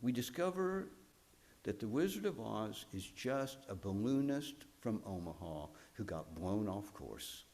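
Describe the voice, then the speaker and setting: A male pastor telling a story in a sermon, animated, with frequent swings in pitch and loudness. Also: a little slow.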